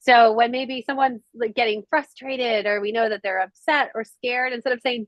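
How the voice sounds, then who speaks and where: Female mindfulness coach on a video call. Slightly high voice, very slow and soothing, counts breaths. Dull, dry audio. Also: no room sound. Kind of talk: guided breathing exercise.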